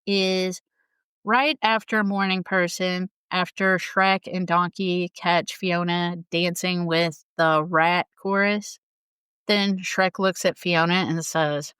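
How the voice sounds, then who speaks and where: A woman's voice: lowish voice, flat delivery, takes it slowly, fairly bright tone, smooth, dry recording. A woman hosting a casual, enthusiastic talk show, chatting with frequent laughter. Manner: enthusiastic and giggly, reciting quotes. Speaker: host. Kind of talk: casual talk about a musical.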